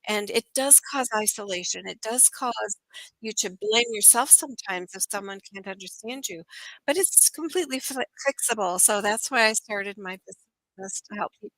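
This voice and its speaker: A woman's voice: medium pitch, normal speed, no room sound, low-quality recording. A middle-aged woman, an accent coach, telling a story as an interview guest and acting out the dialogue with animation. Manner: animated, acts out quoted dialogue.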